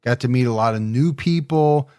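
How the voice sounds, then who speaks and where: A man hosting a true crime podcast in a relaxed, easygoing chat with his co-host. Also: medium pitch, moderate pace. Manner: relaxed, easygoing, laughs often.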